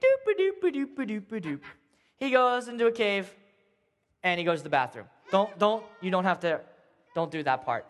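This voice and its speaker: A man's voice: high-pitched, expressive, moderate pace, fairly bright tone, in a large hall, a little hiss or hum. A man telling a Bible story as a casual, jokey sermon, acting out the characters for a young crowd. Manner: casual, jokey, acts out voices.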